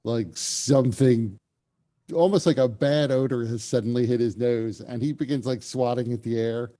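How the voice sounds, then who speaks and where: A man's voice: mid-range voice, fairly even intonation, normal speed, mellow. A man narrating as game master in a casual, descriptive way, with frequent fillers.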